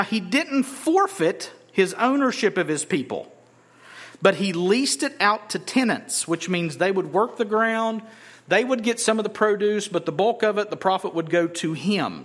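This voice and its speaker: Man, high voice, conversational sermon, emphatic rises. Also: a bit bright. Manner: conversational preaching, rising emphatically on key points. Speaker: pastor.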